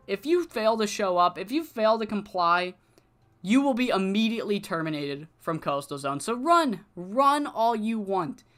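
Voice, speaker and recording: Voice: mid-range voice, fairly bright tone, smooth. A streamer voicing a brash young male wrestler cutting a profane, threatening promo against a rival, over faint background music. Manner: profane, menacing trash talk.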